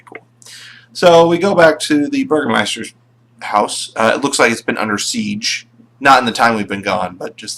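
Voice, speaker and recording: Gravelly man rambling through a game recap. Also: fairly low pitch, a bit bright. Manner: rambling, full of fillers and restarts. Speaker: tabletop game player recapping sessions. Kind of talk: casual recap.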